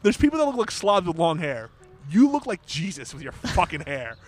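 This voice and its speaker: Animated high-voiced man in casual chat. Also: a little fast. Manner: animated, rambling, swears, laughs loudly. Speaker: podcast co-host. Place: New York City.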